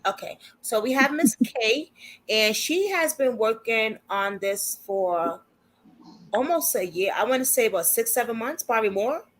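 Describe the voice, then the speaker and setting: A woman's voice: on the high side, lively intonation, a little slow, poor audio. A woman hosting a casual livestream, chatty and informal, laughing often as she talks. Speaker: livestream host.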